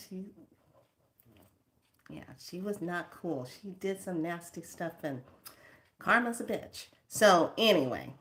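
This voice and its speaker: Emphatic, sassy woman storyteller. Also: low voice. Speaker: spiritual teacher.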